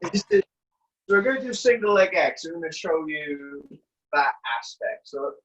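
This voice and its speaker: A man teaches a jiu-jitsu technique over a video call, showing it as he explains. His voice sits a little high and jumps around in pitch. The call audio sounds dull and lo-fi. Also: lively intonation, normal speed, fairly bright tone. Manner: chatty, demonstrates while explaining. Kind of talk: casual chat then technique instruction.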